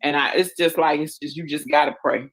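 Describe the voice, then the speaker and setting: A man with a Southern accent, co-hosting a casual chat show in an animated, teasing way. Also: fairly high pitch, brisk, rough recording. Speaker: show co-host.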